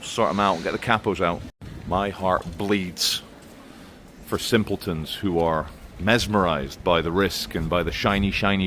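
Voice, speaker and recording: A man with a fairly low voice gives sarcastic, blunt walking commentary outdoors in town streets. Faint street ambience hums behind him, and he rants freely as he goes. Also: unhurried, fairly bright tone, a little hiss or hum. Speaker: vlogger.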